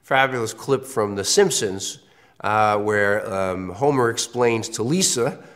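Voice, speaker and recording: A man's voice: lowish voice, slow pace, a bit bright. A male university lecturer with congestion from a cold, talking conversationally through a recorded course lecture and repeating key phrases for emphasis.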